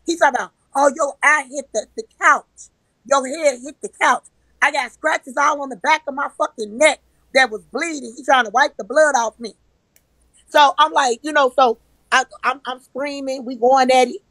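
Woman with a high voice ranting through a story, acts out the fights, cusses a lot, dry sound. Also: normal speed, pushed and bright, no echo, poor audio. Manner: emphatic, acts out quoted arguments; profane, repetitive. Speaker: live-stream guest. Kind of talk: heated personal storytelling.

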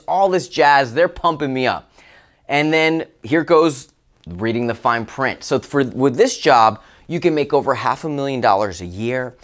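A man who works as a life coach, telling a personal story to camera in a casual, motivational way, expressive and excitable, with loud exclamations. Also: medium pitch, a little slow. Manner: expressive and excitable, with exclamations and big swings in loudness.

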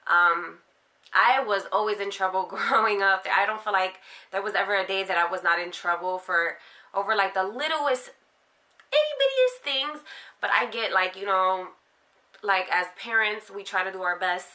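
A woman's voice: medium pitch, fairly even intonation, moderate pace, sharp tone. A young woman from Philadelphia telling a candid personal story to camera, emotional and heartfelt, rambling with fillers. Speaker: vlogger.

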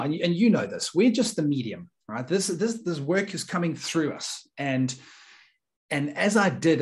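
A middle-aged man, an earnest and emphatic storyteller speaking as a guest in an interview. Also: mid-range voice. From South Africa. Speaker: guest, leadership coach.

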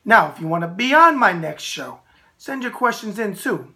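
A brash, animated middle-aged man with a New York accent hosts a casual talk show. His voice is bright and punchy. He swings freely between loud bursts and low asides. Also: moderate pace. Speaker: host.

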